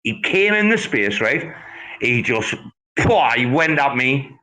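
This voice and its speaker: Man, host, casual online chat, animated, swears a lot, middle pitch. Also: slow pace, poor audio. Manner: animated, swearing, laughing banter.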